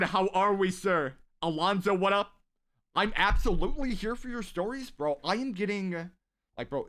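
Chatty, slightly high-voiced male streamer. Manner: rambling and talkative, shouting out viewers. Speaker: live-stream gaming host. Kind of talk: casual live-stream chat. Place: at home.

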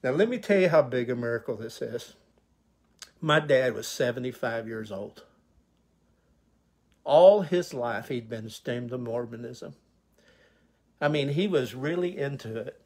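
A man's voice: medium pitch, lively intonation, unhurried, pauses often, a little mellow. A male pastor telling his personal testimony, an emotional, vivid retelling full of quoted dialogue.

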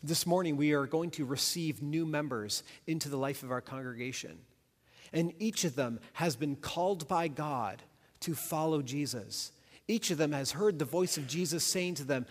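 A senior pastor giving a sermon with an emphatic, repetitive preaching cadence. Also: male voice, on the high side, moderate pace. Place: church sanctuary. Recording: long church reverb.

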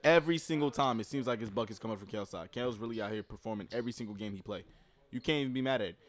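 Male streamer, casual basketball reaction commentary, slangy and excitable. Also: fairly low pitch, racing. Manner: excitable, loud outbursts, slangy.

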